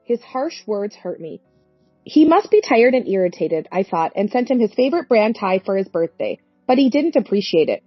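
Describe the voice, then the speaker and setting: A woman's voice: mid-range voice, very animated, normal speed, husky, no room sound, soft background music. A woman in her forties narrating a story in an earnest, plaintive way. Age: 40s. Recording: dry, dull lo-fi recording.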